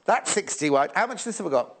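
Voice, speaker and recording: A man's voice: high voice, expressive, quick pace. A man presenting fabrics live on a shopping channel, chatty and teasing, often repeating prices and stock levels.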